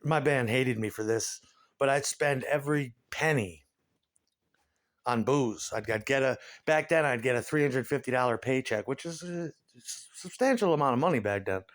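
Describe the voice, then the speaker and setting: A middle-aged man doing a profane, animated stand-up rant about his past. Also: medium pitch, normal speed. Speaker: comedian.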